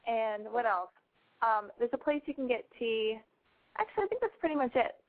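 A woman's voice: fairly high pitch, very animated, normal speed. A woman hosting a call-in show, chatting casually in a blunt, joking, rambling way. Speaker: host taking calls. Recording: phone-like lo-fi sound.

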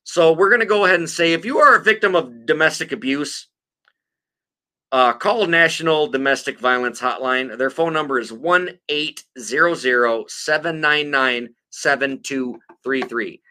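Bright-voiced, tipsy, profane podcast host. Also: male voice, a little high, moderate pace. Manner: profane, joking, reads articles aloud. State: tipsy after several beers. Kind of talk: casual podcast chat reading news.

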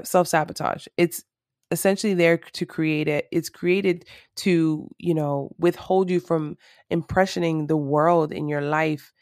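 A woman's voice: lowish voice, a little mellow, dry recording, clean studio sound. A woman talking to camera in a casual, reflective monologue, earnest and rambling with lots of fillers.

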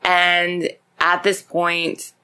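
A woman's voice: fairly low pitch, very slow, clear, resonant tone. Profane woman telling a crime story. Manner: profane, animated retelling with acted quotes. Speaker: podcast host. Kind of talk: casual true-crime storytelling.

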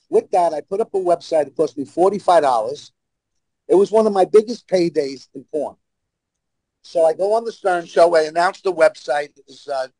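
A man's voice: a little high, a little mellow, no echo, poor audio. A man with a New York accent telling blunt, brash stories as a talk-show guest. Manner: brash, blunt anecdotal storyteller. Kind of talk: casual storytelling.

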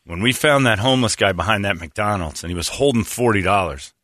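A middle-aged man hosting a podcast, telling crude funny stories in a casual, animated way and laughing a lot. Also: on the low side, brisk, no echo, studio quality. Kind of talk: casual comedic storytelling.

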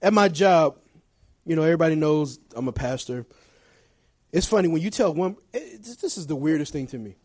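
A middle-aged man preaching a sermon, swinging from shouted lines to quiet asides and laughing often. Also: fairly high pitch, animated, a little fast.

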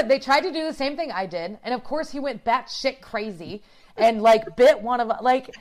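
A woman telling a story in casual chat, animated, laughing often and swearing freely. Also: a little high, moderate pace, a little hiss or hum.

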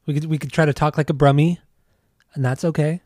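A man co-hosting a casual music podcast, laid-back and rambling, quick to laugh. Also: a little high, fairly even intonation, a little mellow, no room sound, studio quality. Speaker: podcast co-host.

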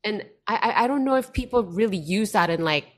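A woman co-hosting a casual talk show, speaking hesitantly with many fillers and quick amazement. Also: mid-range voice, animated. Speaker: podcast co-host. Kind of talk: casual chat.

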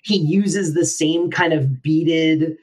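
Husky man chatting enthusiastically. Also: on the high side, steady tone, slow pace. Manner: chatty, enthusiastic, lots of fillers. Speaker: podcast co-host. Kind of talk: casual chat recapping a sitcom episode.

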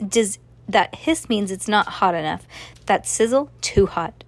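A woman voicing a gentle, soft-spoken blind male chef in a read-aloud story, slow and measured. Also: medium pitch, animated, no room sound. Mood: instructive.

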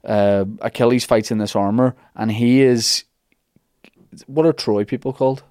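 In a steady, measured, mid-range voice that's clear, resonant and a little mellow, a man hosting a podcast tells a myth in a rambling, joking style packed with asides. The recording is clean studio sound with no echo.

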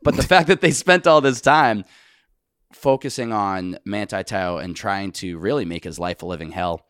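A man's voice: fairly low pitch, moderate pace, fairly bright tone, no echo, studio quality. A man co-hosting a podcast, telling stories in a wry, joking way. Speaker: podcast co-host. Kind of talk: casual chat.

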